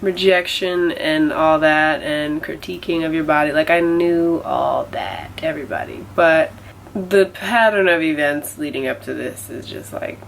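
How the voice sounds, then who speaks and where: A woman's voice: low voice, unhurried, gravelly, a little hiss or hum, rough recording. A young woman vlogging about a setback in a casual, rambling way, with a nasal voice and lots of filler words. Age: young adult. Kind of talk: casual confessional vlog.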